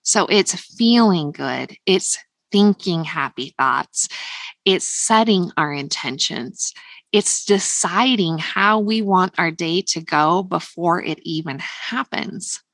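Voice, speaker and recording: A woman's voice: on the low side, animated, takes it slowly, a bit bright, no room sound. An American woman hosting a motivational podcast, upbeat and emphatic, repeating phrases for stress. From United States. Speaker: podcast host.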